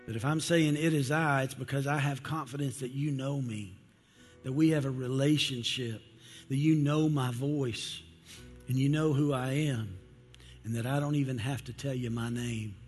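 A man preaching an evening sermon in a church sanctuary, his voice at an ordinary middle pitch. He is emphatic and slows right down when he quotes a line for effect. His voice rings through a hall with a long reverb, and faint music sits underneath. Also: fairly even intonation, darkish tone, husky. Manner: emphatic, with dramatic pauses and slowed quotes.

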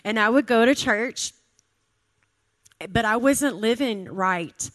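A woman's voice: a little high, extremely slow, pauses often, fairly bright tone. A woman in her thirties giving an informal sermon, conversational, repeating phrases for emphasis. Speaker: church speaker.

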